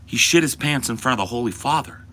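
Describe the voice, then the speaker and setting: A man's voice: medium pitch, quick pace, fairly bright tone. A man and podcast host in a profane, exaggerated comedic rant that swings into mock panic.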